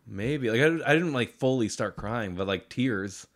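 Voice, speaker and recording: A man's voice: mid-range voice, lively intonation, measured pace. A man co-hosting a podcast, talking in a rambling, emotional way and laughing easily. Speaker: podcast co-host. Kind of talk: casual chat.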